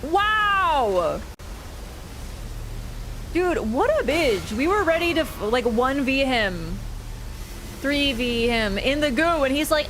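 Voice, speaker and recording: Over game music and a slight hiss or hum, a young female streamer comments on her gameplay in a high-sitting voice, speaking slowly with long pauses. Fights make her excitable, shrieking, laughing and cursing, and she's blunt when telling off her chat.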